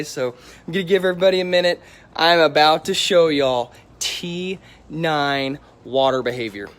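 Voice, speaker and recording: A man's voice: fairly high pitch, moderate pace, a little hiss or hum. Hyped man hosting a live stream. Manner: hyped and energetic, repeats himself, greets viewers by name. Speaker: auto detailer hosting a livestream. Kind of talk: excited live-stream chat with viewers.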